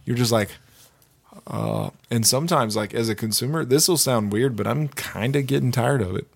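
A man's voice: medium pitch, normal speed, creaky, husky, no echo. A man chatting casually as co-host, loose and profane, with laughing asides. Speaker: podcast co-host. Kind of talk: casual chat.

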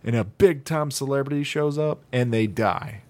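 A man co-hosting a podcast in casual chat, animated, laughing and swearing often. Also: medium pitch, normal speed. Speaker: podcast co-host.

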